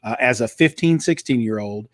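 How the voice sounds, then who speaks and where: Middle-aged male guest, slight Kentucky twang, polished radio-trained delivery, mid pitch, dry close sound. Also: normal speed, dry recording. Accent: slight Eastern Kentucky twang. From Eastern Kentucky. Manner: fluent, polished broadcaster delivery with frequent restarts. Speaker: guest, author and former radio DJ. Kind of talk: casual interview conversation.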